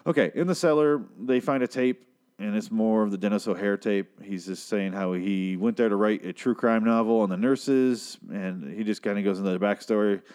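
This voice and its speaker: A man giving a crude, sarcastic recap of a TV episode, tossing in quick asides. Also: fairly low pitch, darkish tone, smooth. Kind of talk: casual profane TV recap.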